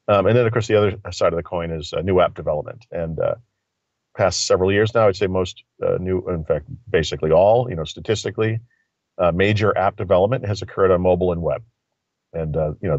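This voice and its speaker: Low voiced guy calling in on his phone, dull muffled sound, lots of ums while he talks tech. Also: darkish tone, no echo. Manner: rambling, thinking aloud with many fillers. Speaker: tech commentator. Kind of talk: casual tech chat. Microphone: phone line.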